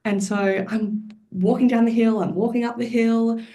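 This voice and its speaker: A mother telling her birth story as a podcast guest, lively and expressive, often laughing. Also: a little high, normal speed. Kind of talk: personal storytelling.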